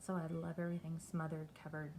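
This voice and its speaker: A middle-aged woman from Texas, talking candidly and haltingly in a personal video diary. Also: deep voice, monotone, a little mellow, slight background noise, rough recording. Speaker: vlogger.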